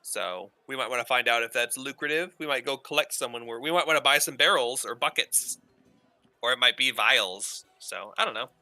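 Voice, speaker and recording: A man's voice: medium pitch, lively intonation, a little fast, sharp tone, no room sound. A man playing in a tabletop game, talking through plans in a rambling, hesitant way. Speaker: player. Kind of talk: casual game chat.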